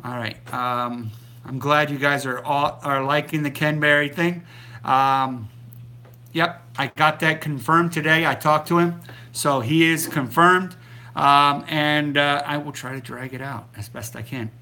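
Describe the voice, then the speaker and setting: A man's voice: a little high, fairly even intonation, measured pace, sharp tone. A middle-aged man hosting a casual live stream about the keto diet, rambling along with many ums and restarts. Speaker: keto diet channel host.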